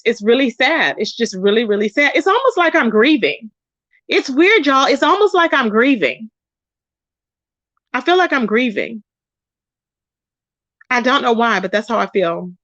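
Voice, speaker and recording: A woman's voice: a little high, a bit bright, no echo, lo-fi sound. A woman hosting a casual livestream, talking to viewers and reading their comments aloud. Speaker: livestream host.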